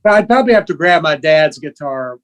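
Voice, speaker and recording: Animated older male storyteller. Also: a little high, a little fast. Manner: animated storyteller who acts out quoted voices. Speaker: guest musician. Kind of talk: storytelling interview.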